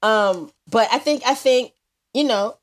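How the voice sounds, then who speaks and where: A woman's voice: a little high, a little slow. A young woman with a New York accent co-hosting a podcast, chatting casually and laughing often while she has a cold. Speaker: podcast co-host. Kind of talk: casual chat.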